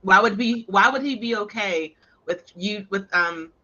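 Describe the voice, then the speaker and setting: Woman chatting about a movie, bright forceful voice, kinda dull lo-fi sound. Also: medium pitch, unhurried. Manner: thoughtful, concedes points readily. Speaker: co-host of a movie discussion. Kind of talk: casual movie discussion.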